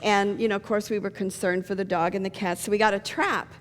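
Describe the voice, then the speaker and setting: A woman's voice: medium pitch, level tone, brisk. A middle-aged woman pastor giving a sermon, telling stories and jokes. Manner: storytelling with jokes. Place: church sanctuary. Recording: long church reverb.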